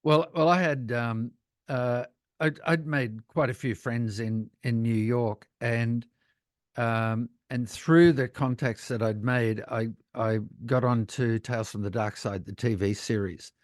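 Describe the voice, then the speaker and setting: A man's voice: mid-range voice, measured pace, dry recording. Older Australian man, dry close mic. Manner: animated anecdotes, acts out voices, laughs often. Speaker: guest, cinematographer. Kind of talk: casual interview storytelling.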